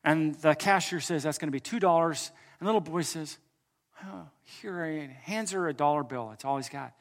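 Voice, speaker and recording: A pastor preaching a sermon in a slightly raised voice. He tells a story and moves from loud, emphatic lines to quiet, hushed ones. Now and then he jokes with the congregation. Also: fairly high pitch, fairly quick.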